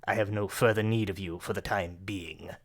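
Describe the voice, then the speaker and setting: A man voicing a cold, scornful male villain lord who gives orders in a low, hushed voice. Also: fairly even intonation, normal speed, lightly acted. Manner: cold, contemptuous, commanding.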